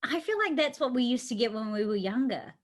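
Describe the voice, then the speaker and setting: A woman's voice: fairly high pitch, lively intonation. Playful New woman hosting. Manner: chatty and playful, asking quick-fire questions. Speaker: host. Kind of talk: casual chat.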